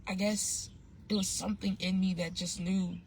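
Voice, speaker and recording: A woman with a somewhat low voice tells a story in a loose, slangy vlog style, often circling back and restarting her sentences. The recording is noisy, with birds chirping clearly behind her. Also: flat delivery, moderate pace, darkish tone. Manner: rambling and slangy, with frequent restarts and fillers. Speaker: vlogger. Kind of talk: casual storytime monologue.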